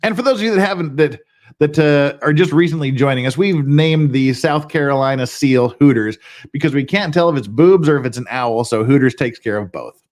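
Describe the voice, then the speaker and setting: A man's voice: mid-range voice, brisk, darkish tone. A man hosting a casual livestream, chatting to his chat in a rambling, self-deprecating way with mild swearing and restarts. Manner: rambling with frequent restarts and laughs. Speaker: livestream host.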